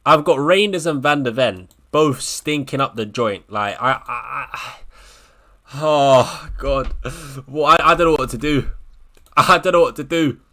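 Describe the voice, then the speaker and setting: A man hosting a live fantasy football watchalong, talking casually, swinging between low mutters and loud frustrated rants, often repeating himself and swearing. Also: unhurried. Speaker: livestream host.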